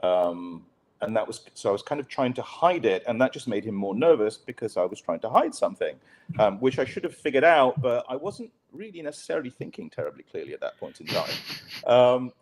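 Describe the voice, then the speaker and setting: A man's voice: medium pitch, big pitch swings, fairly quick. A journalist man telling a candid, self-deprecating story as a podcast guest. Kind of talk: conversational storytelling.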